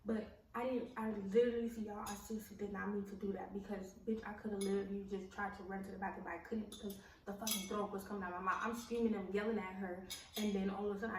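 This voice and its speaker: Cursing woman telling a story in a roomy echo. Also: medium pitch. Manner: blunt and heavy on profanity, many fillers like "like" and "um". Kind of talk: casual storytime vlog. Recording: roomy echo, mic at a distance, faint background noise.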